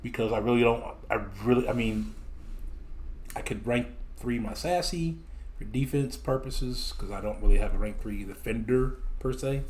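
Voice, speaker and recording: Sarcastic, animated male game streamer. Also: medium pitch, moderate pace, reverberant. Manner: animated, sarcastic, laughs often. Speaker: streamer host. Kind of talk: casual gaming stream chat.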